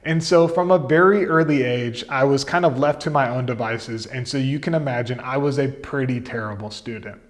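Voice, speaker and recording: A man in his thirties telling his career story in a relaxed, chatty way, full of fillers and asides. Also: medium pitch, moderate pace, hardly any pauses. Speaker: content marketing coach. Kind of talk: casual storytelling to camera.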